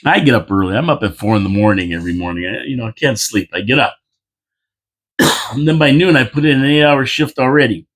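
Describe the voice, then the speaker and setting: A man talks at his own loose pace, circling back and repeating points with folksy asides. He sounds a little worn out, as if he has been up since before dawn. His voice sits at an ordinary middle pitch. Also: expressive, a little fast, a bit bright. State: tired, yawning. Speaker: local commentary host. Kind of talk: casual opinion monologue.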